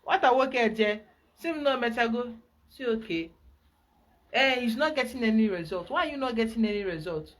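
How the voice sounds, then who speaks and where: A woman with a Nigerian accent, a spiritual guide giving an emphatic, animated teaching talk. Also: fairly high pitch, normal speed.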